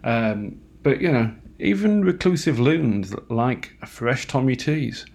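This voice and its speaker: A man talking alone at home late at night, halting and self-mocking, with lots of fillers and restarts. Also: medium pitch, animated, vocal fry, darkish tone. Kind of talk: rambling late-night monologue.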